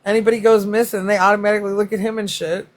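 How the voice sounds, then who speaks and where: A woman's voice: medium pitch, flat delivery, very fast. A woman hosting a casual livestream, chatting and reacting to comments, laughing often and swearing freely. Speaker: livestream host.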